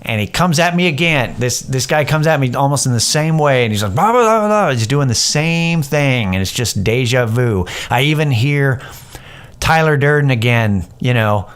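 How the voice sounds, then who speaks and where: A thirty-something podcast host rambles through a personal story, frank and full of profanity, with animated impressions whenever he quotes someone. He talks at a normal speed in a clean, medium-pitched voice.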